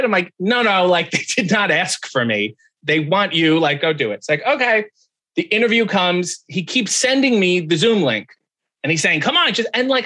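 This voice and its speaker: A man guesting on a podcast, telling a story in casual chat and acting out the voices of the people in it. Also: high voice. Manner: animated, acts out quoted voices.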